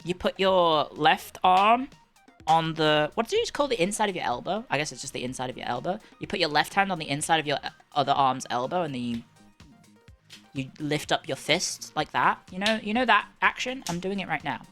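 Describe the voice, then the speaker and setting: On a livestream, a British woman chats in a rambling, sarcastic, bantering way. She has a low, expressive, slightly bright voice and talks briskly over soft background music.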